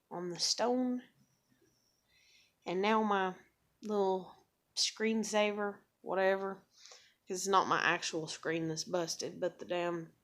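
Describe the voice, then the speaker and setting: Venting straight to the camera, a young vlogger with a medium-pitched voice curses freely and circles back on herself. Her casual monologue is loose, sarcastic, and packed with "like" and "you know," and she pokes fun at herself throughout.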